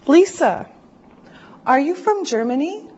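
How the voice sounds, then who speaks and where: A woman teaching an English class, speaking slowly and deliberately and drawing out words for her learners. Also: sits high, animated, a little mellow. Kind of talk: slow classroom instruction. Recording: dull lo-fi classroom recording.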